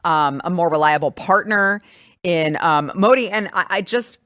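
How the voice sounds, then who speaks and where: A woman with a notably low voice hosts a casual talk show, chatty and quick to joke, filling pauses with ums and uhs. The sound is dry and close, with no room in it. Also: fairly bright tone, no room sound. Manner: chatty, joking, filler-heavy. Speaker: show host.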